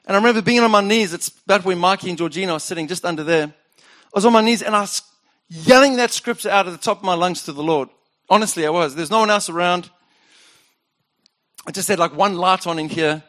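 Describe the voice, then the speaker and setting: Guy pastor preaching, pretty high voice, earnest, slows way down on the scripture bits. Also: fairly bright tone. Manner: earnest and personal, slowing down to read scripture aloud. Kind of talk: sermon.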